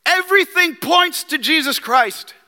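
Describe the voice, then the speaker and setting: A man's voice: very high-pitched, expressive, unhurried, pushed and bright, in a large hall. A man preaching a sermon as a pastor, emphatic and full of rhetorical questions, acting out quoted lines. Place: church sanctuary.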